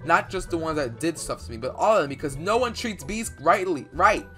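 A young man doing dramatic Minecraft role-play commentary, excitable and rambling with fillers, bursting into loud outbursts. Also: on the high side, fairly quick. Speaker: YouTuber playing a bee in Minecraft. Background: faint background music.

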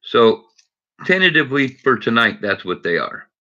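A man's voice: medium pitch, very animated, normal speed, bright, forceful tone, lo-fi sound. A man hosting a casual home live stream, chatting to viewers and greeting them by name as he searches coin rolls. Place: indoors at home.

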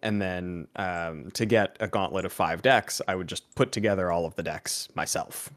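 A man's voice: deep voice, normal speed, no echo, studio quality. A man co-hosting a podcast, talking casually and rambling with lots of fillers. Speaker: podcast co-host.

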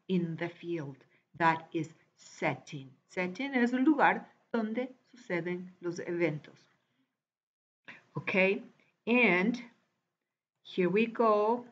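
Husky woman teacher going thru a lesson real slow, repeats stuff, kinda muffled recording. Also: on the low side. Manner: patient, repeats and spells out words slowly. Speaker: English teacher. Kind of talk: recorded online class walkthrough. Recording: dull lo-fi recording.

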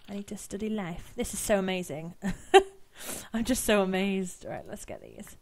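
A woman's voice: medium pitch, moderate pace, darkish tone. A young woman giving casual gameplay commentary, chatty and self-mocking, talking to the animals on screen. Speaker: let's-play host.

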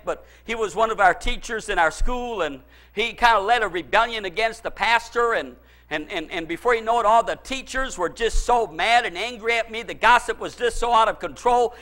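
A male preacher with a strikingly high, bright and forceful voice, delivering a sermon. He hammers his points through repetition and personal stories. He sounds middle-aged and sure of himself. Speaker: pastor.

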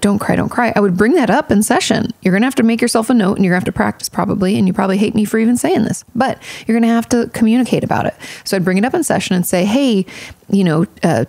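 A woman therapist talking through listener questions in a loose, chatty way, frank and a little irreverent. Her mid-range voice has a gravelly, fry-laden edge. The sound is close and dry, with no room around it. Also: medium pitch, a little mellow, dry recording. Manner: chatty, frank, swears casually, many fillers. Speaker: podcast host and therapist. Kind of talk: casual advice podcast.

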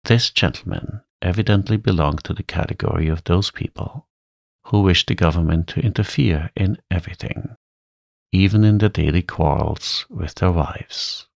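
A man reading a classic story aloud in a calm, soothing bedtime voice. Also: deep voice, moderate pace, dry recording, studio quality. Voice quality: soft, soothing, gravelly.

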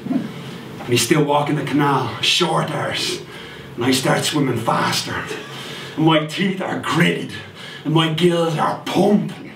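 A man with a Dublin accent delivers a foul-mouthed comic monologue, spinning his tale with lively bursts of indignation. His voice sits high for a man. The recording is roomy and distant, with a faint hiss of noise behind it. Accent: Irish, Dublin. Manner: profane, animated storytelling with sudden outbursts. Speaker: performer.

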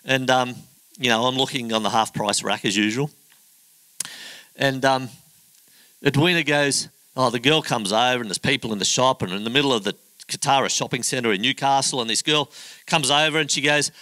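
A middle-aged pastor preaches in a chatty, joking storytelling style, acting out the people in his story. His voice is bright and ringing, and it swings up and down a lot. The sound is close and dry, with almost no room echo. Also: medium pitch, expressive, moderate pace. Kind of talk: sermon with storytelling.

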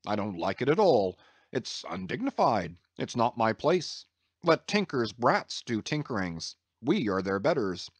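A man's voice: mid-range voice, sing-song, measured pace, slightly rough, dry recording. A man voicing a fussy, grumbling old ship's carpenter who mutters and hesitates as he complains. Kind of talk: audiobook character reading.

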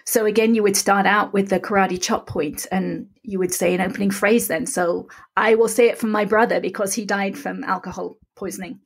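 A middle-aged woman speaks with a husky, slightly breathy tone at a middle pitch. She explains things methodically, step by step, and calmly repeats the practice phrases aloud. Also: moderate pace. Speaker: podcast guest. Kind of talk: calm step-by-step instruction.

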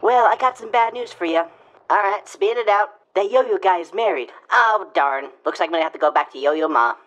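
A woman's voice: medium pitch, fairly quick, a bit bright, dull audio. A woman improvising silly, playful lines over an old film in a comedy dub. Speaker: comedy dubber.

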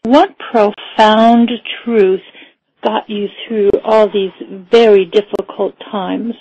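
A woman interviewing a guest, asking gentle, reflective questions. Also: medium pitch, steady tone, slow, breathy edge, no room sound. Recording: dull lo-fi dry recording.

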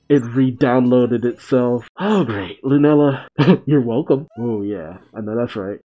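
A man's voice: medium pitch, muffled recording. A man hosting a reaction video, giving casual running commentary on a cartoon episode with frequent exclamations, gasps and chuckles. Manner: exclamatory, quick gasps and chuckles between remarks.

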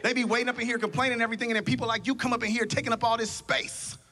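A male comedian voicing a sassy, impatient female license-office clerk who scolds a customer in a drawn-out, condescending way. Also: high voice, a little hiss or hum. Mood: indignant.

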